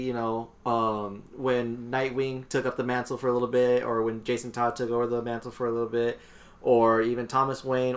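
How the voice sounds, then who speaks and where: A man hosting a casual chat among friends, rambling with lots of fillers as he explains. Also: mid-range voice. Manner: rambling, filler-heavy, relaxed. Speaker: podcast host leading the segment.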